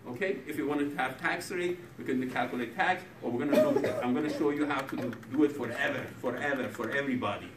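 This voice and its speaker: This programming professor talks fast, with few pauses, at a medium pitch. He lectures in a non-native English accent and jokes with the class in broken English, captured from far away in a noisy, echoing classroom.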